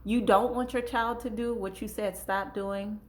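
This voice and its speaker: A woman's voice: medium pitch, steady tone, a little slow. A woman hosting a parenting talk, speaking casually with features, acting out little example dialogues and circling back to her points. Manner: conversational, gives acted examples, repeats herself. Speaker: parenting channel host.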